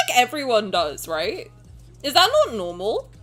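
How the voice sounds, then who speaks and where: Young woman streamer, playful banter, bit high voice, lively pitch, faint music behind. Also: fairly quick. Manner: joking, swearing, playful banter. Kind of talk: casual livestream chat, reading chat aloud.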